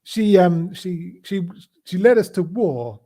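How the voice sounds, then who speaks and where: A man hosting a casual political chat show, talking in a halting way with many restarts and fillers. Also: sits high, lively intonation, mellow. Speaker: podcast host.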